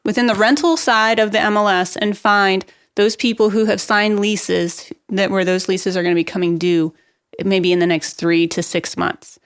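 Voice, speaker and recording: A woman speaking as a guest expert on a real estate podcast. She gives practical marketing advice in a brisk, upbeat way. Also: medium pitch, steady tone, clean tone, no echo, clean studio sound. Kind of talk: podcast interview, explaining marketing tips.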